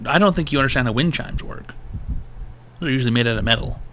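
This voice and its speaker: Bright, profane ranting man streamer. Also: medium pitch, fast, a little hiss or hum. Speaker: streamer hosting an advice show. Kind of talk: live-stream call-in talk.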